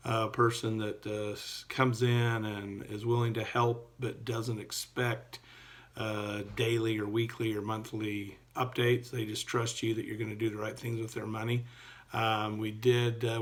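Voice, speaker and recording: A middle-aged male entrepreneurship teacher giving a recorded class update in a relaxed, folksy way with many fillers. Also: lowish voice, moderate pace.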